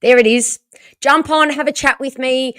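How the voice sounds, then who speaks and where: Aussie woman with a husky worn out voice, chatty stream host reading comments, fairly high. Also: fairly even intonation, normal speed, a bit bright, no room sound, studio quality. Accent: Australian. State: hoarse, losing her voice. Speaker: livestream host. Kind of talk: casual livestream chat.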